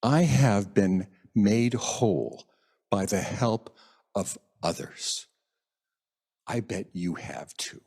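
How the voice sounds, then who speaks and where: A man preaching a sermon at a church service, gentle and reflective, lingering over quoted phrases. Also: lowish voice, lively intonation, slow, vocal fry, slightly rough. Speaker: minister. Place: church sanctuary.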